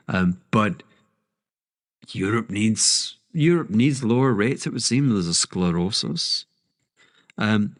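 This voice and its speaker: Deep-voiced man rambling about markets. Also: no room sound, clean studio sound. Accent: Scottish. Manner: rambling, self-interrupting, with sudden emphatic outbursts. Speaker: podcast host. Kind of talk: casual monologue on markets.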